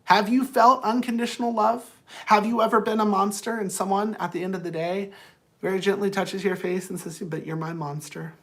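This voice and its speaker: A man's voice: high-pitched, flat delivery, brisk, fairly bright tone. A man who counsels people, talking straight to viewers in a casual, rambling motivational monologue, earnest and blunt.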